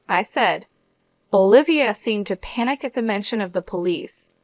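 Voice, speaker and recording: A woman narrates a scripted first-person story in a measured, steady voice. Her pitch sits in a middle range, and the sound is dry and close, with no room around it. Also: dry recording.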